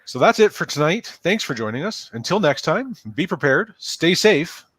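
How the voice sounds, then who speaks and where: A man's voice: a little high, sing-song, moderate pace, a bit bright, slightly rough, no echo. Canadian man co-hosting a podcast. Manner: chatty, laughs easily, restarts phrases. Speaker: podcast co-host. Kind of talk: casual podcast chat.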